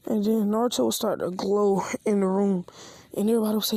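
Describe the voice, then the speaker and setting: A woman's voice: mid-range voice, steady tone, quick pace, vocal fry, warm tone, breathy edge, dry recording, studio quality. A woman telling a made-up fan story in a loose, rambling, slangy way, briefly voicing each character. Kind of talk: casual spoken fan story.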